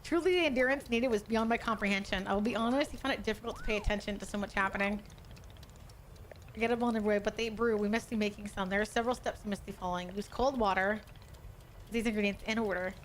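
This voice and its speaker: A woman's voice: medium pitch, fairly even intonation, fast, a little hiss or hum, close to an everyday voice. A woman doing an earnest formal shopkeeper man.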